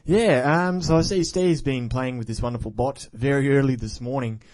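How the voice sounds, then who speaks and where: A man's voice: mid-range voice, normal speed, darkish tone, no room sound. Rambling goofy podcast host, man. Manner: rambling, goofy, self-mocking asides. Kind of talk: casual chat between music.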